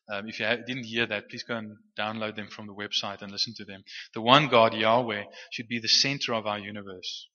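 A man preaches in a loose, conversational way, tripping over repeated words as he teaches. His voice is very bright and forward. The sound is a little muffled, with a long reverb trailing off a church hall. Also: medium pitch. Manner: conversational with frequent restarts and stammered repeats. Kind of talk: sermon teaching.

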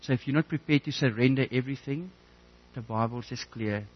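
A man preaching a sermon with personal stories, earnest and halting, often repeating words as he restarts. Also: mid-range voice, dull audio.

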